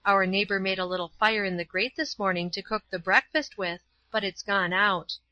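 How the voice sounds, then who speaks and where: A woman doing a gentle, feverish young schoolteacher. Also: medium pitch, steady tone, moderate pace, no room sound, natural voice. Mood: tender, concerned. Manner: gentle, motherly, softly earnest. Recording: slightly dull, dry recording.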